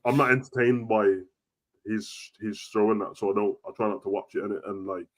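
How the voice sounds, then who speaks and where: A young man chatting casually about football, slangy and animated. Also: fairly low pitch. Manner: slangy, animated, quick banter. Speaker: football podcast co-host. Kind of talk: casual chat.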